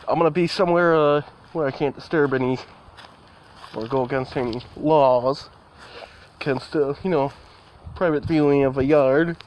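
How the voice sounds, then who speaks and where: A man's voice: a little high, steady tone, moderate pace, highs cut off, slight background noise. Man rambling to his cats on a vlog. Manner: rambling, talks to his cats, mild swearing. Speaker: vlogger. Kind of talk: casual vlog update. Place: indoors near a door, partly outside.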